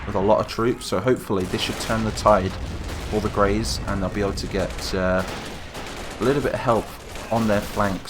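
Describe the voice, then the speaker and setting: A man's voice: fairly low pitch, background noise. Chatty man over gunfire. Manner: chatty and excitable, talks to the troops. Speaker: gaming channel host. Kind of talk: casual game commentary. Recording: game gunfire and explosions behind voice.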